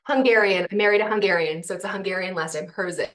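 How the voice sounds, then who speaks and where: A woman who is a nutritionist, a guest on a casual podcast, friendly and upbeat and quick to laugh. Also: mid-range voice, fairly bright tone. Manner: friendly, upbeat, laughs easily, some restarts.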